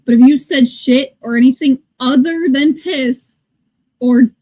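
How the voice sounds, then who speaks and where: A woman's voice: high voice, measured pace, mellow, low-quality recording. A woman from the northern United States co-hosting a podcast, chatting casually and telling stories with quoted asides. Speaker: podcast co-host. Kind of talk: casual chat.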